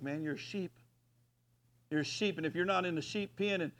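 A man preaching a folksy sermon as pastor, rising at times to loud hollers. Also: sits high.

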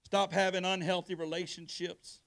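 Gravelly high-voiced preacher. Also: male voice, little pitch movement, moderate pace, a bit bright. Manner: preaching with call-and-response to the congregation; colloquial Southern speech. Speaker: pastor. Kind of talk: sermon.

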